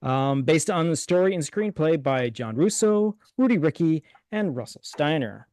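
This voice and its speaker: A man hosting a movie podcast, talking casually with many fillers and pauses. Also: a little high, lively intonation, a little mellow, dry recording. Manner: halting, many fillers, rambling. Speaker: podcast host. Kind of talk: casual chat, reading a screenplay aloud.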